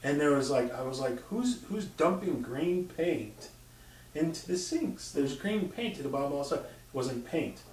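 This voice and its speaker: A man's voice: on the high side, animated, normal speed, darkish tone, slight background noise. A man telling stories in casual chat. He swears freely and acts out sounds and quotes. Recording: roomy sound from a distant mic.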